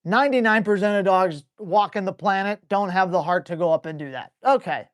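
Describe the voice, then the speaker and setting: Answering viewers' questions live, a male dog trainer speaks bluntly, excitably and with a salty edge. His voice sits high, and he slips into quick acted-out asides.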